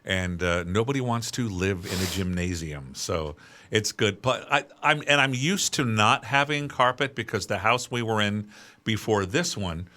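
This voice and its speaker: A middle-aged man co-hosting a podcast, chatting casually and telling animated stories, laughing as he talks. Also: lowish voice, moderate pace. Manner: animated storyteller, laughs while talking. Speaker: podcast co-host. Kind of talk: casual chat.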